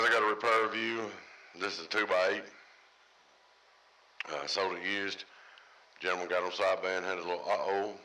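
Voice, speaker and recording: A man's voice: sits low, bright, forceful tone, poor audio. A man with a head cold, sounding nasal and congested, hosting a casual, folksy radio repair review. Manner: folksy, plainspoken, drawling. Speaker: radio repair channel host.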